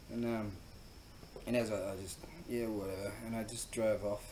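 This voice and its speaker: A man's voice: fairly low pitch, flat delivery, moderate pace, dark tone. A man with an Australian accent telling a rambling, profane story in a casual monologue, full of fillers and laughing at himself. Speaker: host. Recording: echoey room with faint ambient noise.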